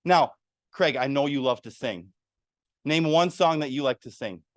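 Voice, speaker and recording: A man's voice: medium pitch, normal speed, no echo. Guy teaching a speaking workshop, asks the crowd stuff, dry room sound. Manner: animated, asks the audience questions. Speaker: workshop presenter. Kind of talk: public speaking lesson to a live audience. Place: meeting room.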